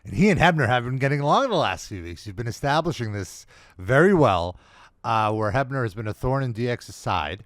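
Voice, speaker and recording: A man co-hosting a wrestling review podcast in casual chat, excitable and acting out the crowd's reactions. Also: mid-range voice, fairly quick, no room sound, clean studio sound. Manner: excitable, acts out quoted reactions. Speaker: podcast co-host.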